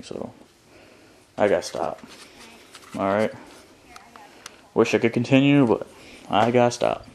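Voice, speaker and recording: A man's voice: mid-range voice, darkish tone. Rambling, cursing man in his garage. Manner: rambling, profane, halting with fillers. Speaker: DIY vlogger. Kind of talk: casual how-to commentary. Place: garage with a car, indoors.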